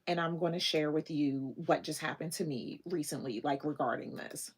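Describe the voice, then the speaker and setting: A woman's voice: sits low, normal speed, husky. A woman hosting a casual livestream, gushing and encouraging toward her viewers, easily moved to tears. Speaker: livestream host.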